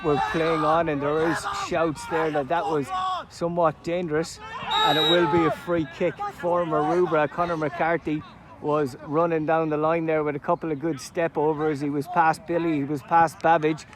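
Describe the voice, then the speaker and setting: A man giving live play-by-play commentary at an amateur football match outdoors, chatty between plays and loud at goals. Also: a little high, flat delivery, moderate pace, heavy background noise. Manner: chatty play-by-play, erupts loudly at goals and chances. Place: outdoors at a sports ground.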